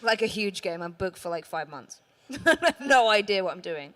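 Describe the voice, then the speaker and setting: A woman's voice: mid-range voice, lively intonation, normal speed, fairly bright tone. A woman with a London accent, a voice actress on a conference panel, telling stories chattily and laughing often. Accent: London English. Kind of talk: casual panel chat.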